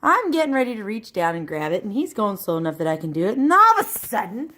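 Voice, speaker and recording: A woman telling a story to her camera at home, animated, acting out voices and sound effects. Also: mid-range voice, quick pace.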